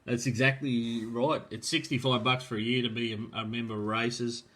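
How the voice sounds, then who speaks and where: A man's voice: medium pitch, flat delivery, normal speed, a bit bright. A man hosting a live show, chatting casually, reading out viewer comments and rambling with lots of fillers and "mate". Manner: rambling, filler-heavy, friendly, calls people mate. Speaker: host of a live drag racing show.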